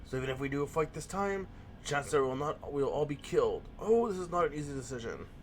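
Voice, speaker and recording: A man doing a slow old village chief. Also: fairly high pitch, very animated, a little hiss or hum. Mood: calming. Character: cautious elderly male village chief.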